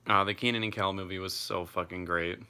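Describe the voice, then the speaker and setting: Deep, bright-toned young man chatting. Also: fairly quick, clean tone. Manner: relaxed, chatty, swears freely. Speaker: live streamer. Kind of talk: casual live chat reading comments.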